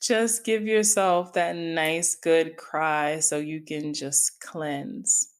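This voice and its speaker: Smooth and low-pitched, her voice holds a steady tone and draws out its words. This middle-aged podcast host and coach reflects on her solo show, talking candidly and confidingly straight to her audience.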